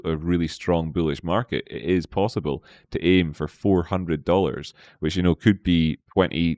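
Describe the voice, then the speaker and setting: Low-voiced man hosting a trading stream. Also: no room sound. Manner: playful, chats with viewers and talks to himself. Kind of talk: live market analysis stream.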